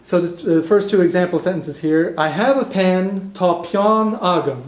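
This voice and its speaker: A man's voice: sits high, normal speed, over a noisy crowd. A man teaching a beginner language class, explaining patiently with fillers and restarts. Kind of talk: classroom lesson. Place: classroom in a cultural center. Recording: echoey classroom recording.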